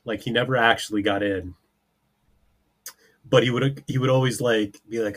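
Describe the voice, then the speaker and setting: A man's voice: lowish voice, steady tone, moderate pace, pauses often. A man co-hosting a comedy podcast, chatting loosely with frequent laughter and casual swearing. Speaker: podcast co-host.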